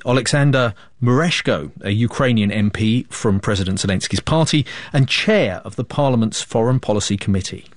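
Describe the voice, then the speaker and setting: A male news presenter with a low, even voice, reading his links in a formal, measured way. The sound is dry and close, with no room around it. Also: dry recording.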